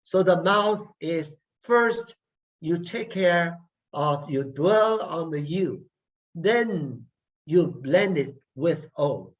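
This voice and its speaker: A man teaching a language workshop online, deliberately drilling each sound and repeating words for learners. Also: fairly high pitch, animated. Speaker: language lecturer. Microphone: video call. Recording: muffled video call audio.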